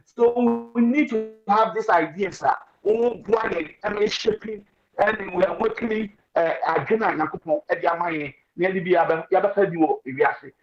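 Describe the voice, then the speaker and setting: A man with a Ghanaian accent speaking as a radio panelist, excitable and preachy, mixing Twi and English. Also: sits high, normal speed, soft background music. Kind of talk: animated talk radio discussion. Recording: dull lo-fi radio stream.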